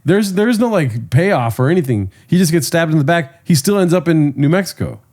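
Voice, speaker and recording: A man's voice: a little high, expressive, fairly quick, a little mellow. A man co-hosting a podcast in casual chat, swearing freely and calling people dude, still getting over a cold. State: recovering from a cold. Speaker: podcast co-host.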